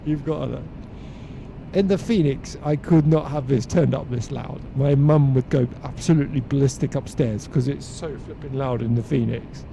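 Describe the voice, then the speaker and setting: Bloke streaming a flight sim, chatty and laughing, gravelly, mellow tone, bit of faint hiss behind. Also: male voice, medium pitch, moderate pace. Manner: chatty, laughs easily, uses slangy exclamations. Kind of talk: casual live-stream chat.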